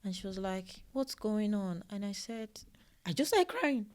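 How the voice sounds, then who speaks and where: A woman's voice: medium pitch, sing-song, unhurried, a little mellow. A woman from Nigeria, co-hosting a podcast, tells a personal story in casual conversation, earnest and often repeating phrases for emphasis. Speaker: podcast co-host. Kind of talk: casual chat.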